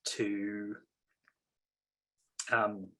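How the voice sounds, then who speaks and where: An Englishman with a near-RP accent talks with a bright, forceful edge. He rambles through his thoughts, restarts his sentences and drops in apologetic asides, like a guest in a casual conversation. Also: lowish voice, completely flat delivery, very slow. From England. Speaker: author guest.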